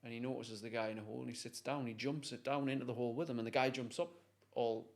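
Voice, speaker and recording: Man telling an animated story. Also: mid-range voice, fast. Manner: animated, acts out voices. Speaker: guest, motivational speaker. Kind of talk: storytelling in conversation.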